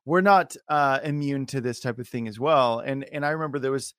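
A man's voice: medium pitch, brisk, a bit bright, clear, resonant tone, no room sound, studio quality. A man hosting a podcast, chatting casually and telling a personal story. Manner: casual storytelling with brief affirmations. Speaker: podcast host. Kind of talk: podcast interview.

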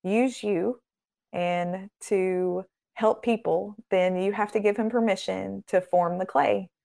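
A woman's voice: mid-range voice, steady tone, slow pace, gravelly, mellow. A woman guest on a faith podcast, speaking in an earnest, preacherly way and building her points through repeated phrases. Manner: acts out quoted voices in a raised tone. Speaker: podcast guest, ministry founder.

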